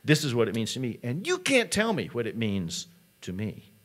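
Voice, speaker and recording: A man's voice: medium pitch, huge pitch swings, moderate pace, a bit bright. A man putting on the voice of a slouching young male student who gets angry and insists on his own view. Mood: angry, insistent. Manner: heated, insistent.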